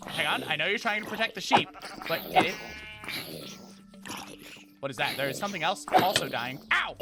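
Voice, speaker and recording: A gaming streamer talking casually through his game, excitable, narrating his moves and shouting at the enemies. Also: fairly high pitch, normal speed, pauses often, over loud music. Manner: excitable, talks to game enemies, frequent exclamations. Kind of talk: casual let's play commentary.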